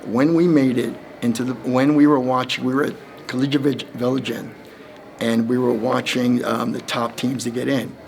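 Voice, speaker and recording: Gravelly storytelling man in his fifties. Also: medium pitch, level tone, normal speed, a little mellow, a little hiss or hum. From New Jersey. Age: 50s. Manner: rambling storyteller who acts out quoted voices and laughs between lines. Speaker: Hall of Fame inductee, former running back. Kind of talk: press interview answers.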